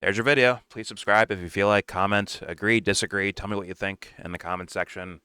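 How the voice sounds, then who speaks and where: A man's voice: fairly low pitch, fairly even intonation, brisk, pushed and bright, clear, resonant tone, no room sound. A man co-hosting a casual political commentary show, talking bluntly and sarcastically with frequent swearing. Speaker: podcast co-host.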